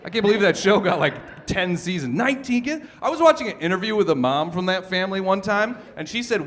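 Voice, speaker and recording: A young man performing a stand-up comedy set on a club stage, telling stories with animated shouted bits. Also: high voice, a little fast, few pauses. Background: audience laughter.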